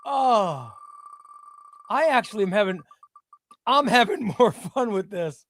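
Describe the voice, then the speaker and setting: A man hosting a live stream, chatting casually and bursting into loud exclamations before dropping to quiet muttering. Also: sits high, slow pace, long pauses. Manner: excitable, shouts names then drops to muttering.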